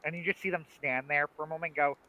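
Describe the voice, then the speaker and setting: A man's voice: on the high side, fairly even intonation, very fast, pushed and bright, rough recording. A man co-hosting a livestream, chatting casually and making emphatic, opinionated points. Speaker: livestream co-host. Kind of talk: casual chat.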